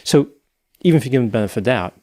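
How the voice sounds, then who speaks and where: A man's voice: mid-range voice, expressive, racing, warm tone. A man co-hosting a casual podcast discussion, thinking aloud and hedging with "I think" and "you know.". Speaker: podcast co-host.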